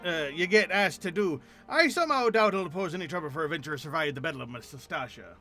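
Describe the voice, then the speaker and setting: A man voicing a hearty, rough-spoken middle-aged guildmaster with a put-on rough working-class English accent, gruff and salty. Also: a little high, animated, fast, bright, forceful tone, faint music behind. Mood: brisk, friendly. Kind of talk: game dialogue read aloud in voices.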